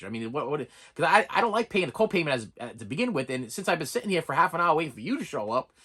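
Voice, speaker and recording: A man's voice: fairly high pitch, animated, quick pace, bright, forceful tone, husky. A middle-aged man talking candidly to camera on his own channel, rambling and venting with frequent restarts and dry jokes. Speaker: channel host. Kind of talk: candid vlog monologue.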